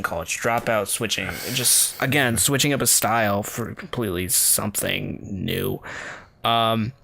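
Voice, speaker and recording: A man's voice: mid-range voice, pushed and bright. A man hosting a music podcast, chatting casually in a loose, rambling way and laughing easily. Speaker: podcast host and album reviewer.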